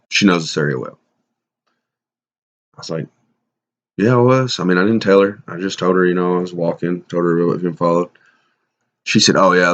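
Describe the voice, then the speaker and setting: Low-voiced man telling a rambling story. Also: a bit bright. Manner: rambling, halting, with many restarts and fillers. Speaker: bigfoot hunter sharing encounters. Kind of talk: casual storytelling to camera. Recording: dull lo-fi sound.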